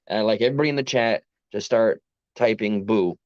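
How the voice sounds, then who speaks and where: A man with a New York accent talks to his live chat late at night, tired after a long workday. He rambles earnestly and keeps cutting himself off. His low voice comes through a dry, dull, lo-fi recording. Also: quick pace, darkish tone, no echo. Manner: rambling, self-interrupting, earnest. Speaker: livestream host.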